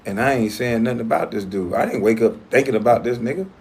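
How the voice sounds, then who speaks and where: A man's voice: mid-range voice, fast, creaky, darkish tone, breathy edge. Blunt, profane man ranting on a livestream. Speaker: livestream host. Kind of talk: casual livestream rant.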